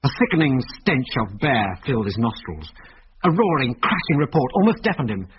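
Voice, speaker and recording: A man tells an adventure story in a measured, vivid way. His pitch rises and falls lively. The sound is dull and lo-fi, with a faint hiss like an old radio recording. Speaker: narrator. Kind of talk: dramatic reading of an adventure story.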